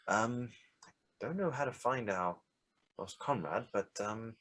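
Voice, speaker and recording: A man playing a tabletop game, earnest and a little halting. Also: lowish voice, expressive, a bit bright. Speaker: player. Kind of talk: casual tabletop game chat.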